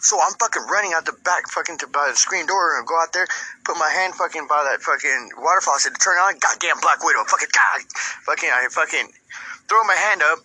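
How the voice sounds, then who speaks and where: A man's voice: fairly high pitch, a little fast, sharp tone, slightly rough, rough recording. A man telling a crude personal story in a profane, rambling way, tagging lines with "right?".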